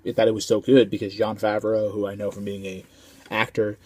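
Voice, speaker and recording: Casual male movie reviewer, slangy and rambling, lowish voice, dry recording. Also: level tone, fairly quick, mellow, dry recording. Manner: slangy, rambling, lots of filler ums.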